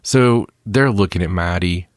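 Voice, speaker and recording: A man co-hosting a podcast, chatting casually and dropping quick wisecracks. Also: low voice, no room sound, studio quality. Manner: jokey, drops quick wisecracks. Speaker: podcast co-host.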